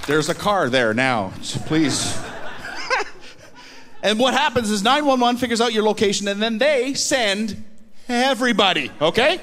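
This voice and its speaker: A Canadian man doing a stand-up comedy set on a theater stage, animated and acting out little scenes and voices. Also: high voice, measured pace. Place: theater stage with live audience.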